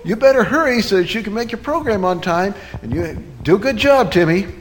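A man's voice: high voice, animated, brisk, long reverb tail, a little hiss or hum, voice pushed up. A man as a kind mysterious stranger. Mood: encouraging. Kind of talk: children's story voice.

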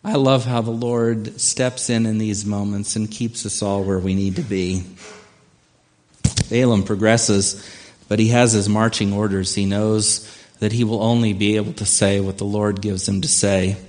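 A man's voice: on the low side, flat delivery, measured pace, a little mellow. A man preaching a sermon, retelling a scripture story in a conversational way and acting out the characters. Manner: conversational storytelling, acts out voices. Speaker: pastor.

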